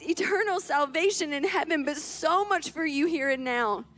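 A woman's voice: high-pitched, measured pace, hardly any pauses, a bit bright, faint music behind. A woman in her thirties preaching a storytelling sermon, emphatic and repeating key phrases as she builds to fervent appeals.

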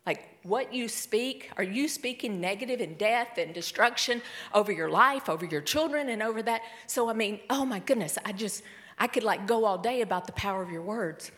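Middle-aged woman, sermon testimony, emotional, swings from soft whisper to excited. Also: mid-range voice, normal speed. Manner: emotional storytelling, swings between hushed whispers and excited bursts. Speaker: speaker at a church service.

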